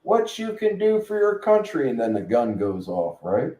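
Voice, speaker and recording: A man's voice: medium pitch, wildly swooping pitch, normal speed, warm tone. A middle-aged man hosting a channel, ranting in a blunt, profane, rambling way. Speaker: channel host. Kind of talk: casual rant. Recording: echoey room.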